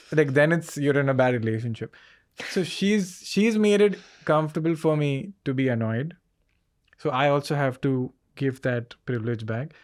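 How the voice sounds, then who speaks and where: Chatty man acting out stories. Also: a little high. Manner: animated, acts out both sides of conversations. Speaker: comedian guest. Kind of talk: casual interview storytelling.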